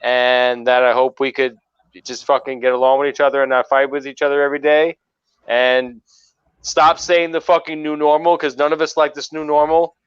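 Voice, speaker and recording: A man's voice: medium pitch, little pitch movement, moderate pace, clean tone, dull audio. A man guesting on a podcast in casual chat, hesitant and full of fillers, swearing now and then. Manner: hesitant, filler-heavy, profane.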